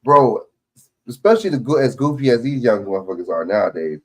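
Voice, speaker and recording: A man's voice: medium pitch, lively intonation, fairly quick. A man hosting a live stream, reacting to a news clip in rambling, profane casual chat full of questions.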